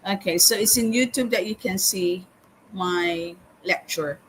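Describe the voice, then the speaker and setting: Lady teaching calculus live, slow and careful, bit of faint background noise. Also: medium pitch, poor audio. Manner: slow, step-by-step explaining with frequent "okay" and "hang on". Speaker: math teacher. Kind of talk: live-streamed calculus lesson.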